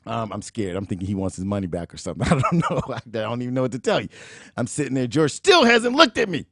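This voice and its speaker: A middle-aged man hosting a show, telling a motivational story in an animated, emphatic way and acting out the dialogue. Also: medium pitch, quick pace, dry recording, studio quality. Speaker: show host, motivational speaker.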